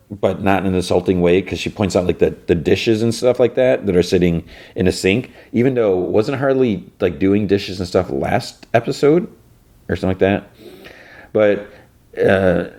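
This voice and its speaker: A male podcast host casually recapping an episode, rambling loosely with lots of fillers and quick snatches of character voices. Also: on the low side, expressive, warm tone. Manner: rambling, loose, full of "you know" and "whatever", briefly mimicking characters.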